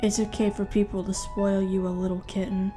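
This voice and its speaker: A woman voicing a calm, teasing young man who speaks softly and affectionately, in a fan-fiction reading. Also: medium pitch, fairly quick, soft background music, pitched below the performer's own voice, close to an everyday voice.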